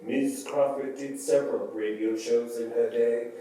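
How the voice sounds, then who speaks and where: An actor playing a calm attendant who explains things in a measured, announcer-like way in a stage play. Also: male voice, mid-range voice, lightly acted. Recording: echoey stage from far off.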